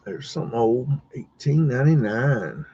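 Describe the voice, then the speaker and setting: A man's voice: mid-range voice, animated, moderate pace, dark tone, husky. A man chatting casually on a livestream, hesitant, with many fillers and restarts. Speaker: podcast co-host. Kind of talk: casual livestream chat while browsing maps. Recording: dull lo-fi stream audio.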